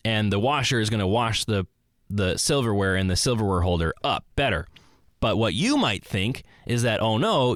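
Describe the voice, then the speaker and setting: A man hosting a solo podcast, thinking out loud in a rambling way, correcting himself and acting out both sides of imagined conversations. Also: lowish voice, no echo, studio quality. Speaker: podcast host. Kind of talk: solo reflective monologue.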